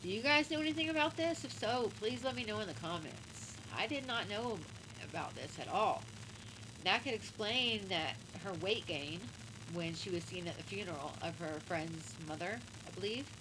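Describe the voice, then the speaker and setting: A woman's voice: mid-range voice, lively intonation, normal speed. Opinionated woman co-host over background noise. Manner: opinionated, asks viewers directly. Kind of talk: casual opinion commentary.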